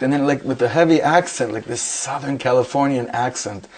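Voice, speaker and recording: A middle-aged man with a middle-range voice tells a story the way a rabbi warms up his class. He is animated and acts out the dialogue of the people in his tale. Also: medium pitch, normal speed, husky. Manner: animated anecdotes with quoted dialogue. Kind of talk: storytelling before a Torah class.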